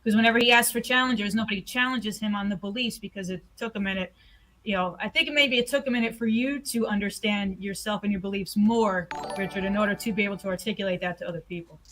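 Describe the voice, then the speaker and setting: A woman's voice: medium pitch, steady tone, fast, a bit bright, slight background noise, low-quality recording. A woman from the American South chatting casually on a livestream as co-host, laughing easily.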